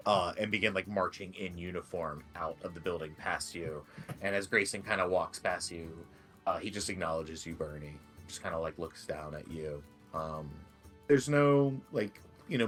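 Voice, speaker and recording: A man's voice: low voice, a bit bright. A man narrating a tabletop game as game master, loose and rambling with many fillers.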